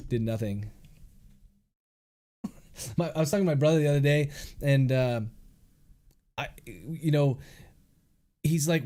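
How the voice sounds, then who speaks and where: A man's voice: on the high side, a little slow, long pauses, mellow. Male author on a livestream at a studio mic, dictating prose with the punctuation read out, then chatting loosely. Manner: speaks punctuation aloud, chatty and joking between chapters. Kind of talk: dictating a novel aloud, then casual chat with viewers. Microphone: studio microphone.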